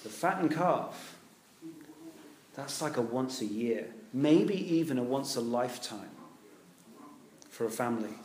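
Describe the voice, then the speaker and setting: A man preaching a sermon to a congregation, animated, acting out the quoted voices and putting questions to his listeners. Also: mid-range voice, unhurried, long pauses. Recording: echoey hall.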